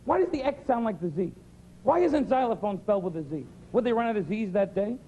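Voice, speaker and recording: A man doing an observational stand-up routine, animated riffing with sing-song mimicry. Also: sits high, a little fast. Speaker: stand-up comedian. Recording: dull 90s TV recording with crowd noise. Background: audience.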